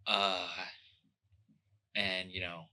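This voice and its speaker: A man co-hosting a podcast, chatting casually with dry, deadpan sarcasm. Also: deep voice, very slow. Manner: deadpan sarcastic, rambling with fillers. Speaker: podcast co-host. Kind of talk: casual chat.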